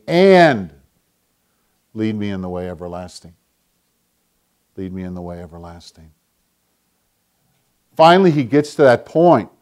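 An older man preaching a sermon, earnest, often dropping to a hushed voice when voicing prayer. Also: on the high side. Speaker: pastor.

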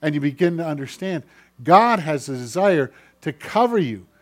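A man preaching a sermon as pastor, swinging between loud, declaiming passages and hushed, low ones. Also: big pitch swings, moderate pace.

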